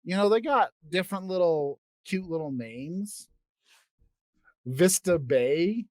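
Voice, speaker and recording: A man's voice: high-pitched, lively intonation, normal speed, no room sound. Rambling man on a dry close mic. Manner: rambling, trails off, restarts, swears casually. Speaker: podcast co-host. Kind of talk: casual podcast chat.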